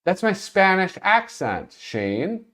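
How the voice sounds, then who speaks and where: A man with a high, fairly bright voice and big pitch swings hosts a casual livestream, taking his time. He chats loosely with viewers, rambling, cutting himself off mid-thought, and laughing as he speaks.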